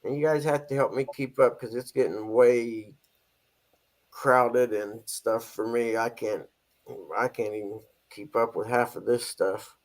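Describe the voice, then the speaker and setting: A man's voice: medium pitch, fairly even intonation, a little slow. A middle-aged man hosting a casual live stream, chatting and greeting viewers by name. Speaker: stand-in host of a live stream.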